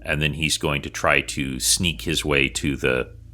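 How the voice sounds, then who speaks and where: A low-pitched man with a sharp, forceful edge to his voice describes his character's actions at a role-playing table. He speaks thoughtfully and courteously as a guest player. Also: fairly even intonation, a little slow.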